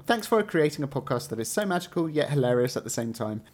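A man's voice: medium pitch, very animated, quick pace, darkish tone. A man with an English accent, co-hosting a podcast and reading listener messages aloud in casual, playful chat. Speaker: podcast co-host.

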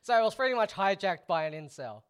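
A man's voice: sits high, very animated, fast, clear, resonant tone. A man with an Australian accent, co-hosting a casual podcast chat in a dry, self-deprecating way. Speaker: podcast co-host.

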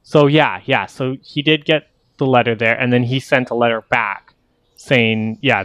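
A man's voice: medium pitch, a bit bright, no echo. A man narrating as game master, rambling and correcting himself as he explains the scene.

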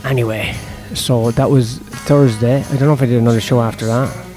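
A man's voice: medium pitch, fairly even intonation, fairly quick, warm tone. A young man, a stand-up comedian talking through his gigs in a casual, profane, self-deprecating ramble, with faint music behind him. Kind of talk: casual vlog monologue.

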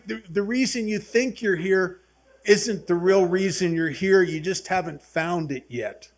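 With a high-pitched voice and a slightly slow delivery, a man in his 70s leads a recovery workshop as an AA speaker. He addresses the group earnestly, weaving in folksy stories.

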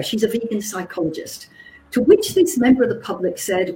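A woman psychologist gives a teaching talk, telling lively anecdotes and checking in with her listeners as she goes. Her voice is mellow and warm. It sounds roomy and echoey, with a faint hiss behind it. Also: fairly high pitch, fairly quick. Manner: lively, animated storyteller who checks in with "okay?". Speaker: psychologist and communications trainer.

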